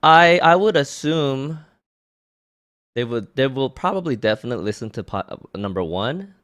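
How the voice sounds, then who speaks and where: A man co-hosting a podcast in casual chat, animated and teasing, often repeating words. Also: medium pitch, normal speed. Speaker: podcast co-host.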